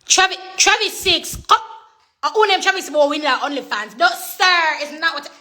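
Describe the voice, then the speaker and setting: A woman's voice: high-pitched, animated, moderate pace, bright, forceful tone. A young woman chatting casually on a phone livestream, slipping into patois and laughing often. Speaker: social media personality.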